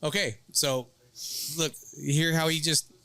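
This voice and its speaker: A man in his thirties hosting a casual bar chat show, telling stories in a rambling, animated way. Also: a little high, unhurried, no echo. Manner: rambling, animated storytelling with quoted voices. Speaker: podcast host and youth baseball coach.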